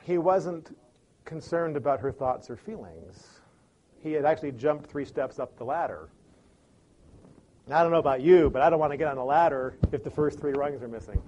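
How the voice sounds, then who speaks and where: A man from Chicago giving an animated motivational talk on communication, acting out examples with big swings in pace and loudness. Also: a little high, normal speed, muffled recording. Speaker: speaker on communication.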